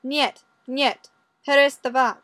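A woman's voice: sits high, fairly even intonation, slow, fairly bright tone, pitched above the performer's own voice. Woman putting on a bossy Russian-accented diva. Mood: demanding. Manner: bossy, broken English, taunting. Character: imperious, mocking Russian woman diplomat.

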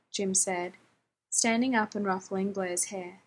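A woman reading fan fiction aloud, narrating in an even storytelling manner. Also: medium pitch, takes it slowly, slight background noise. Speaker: reader.

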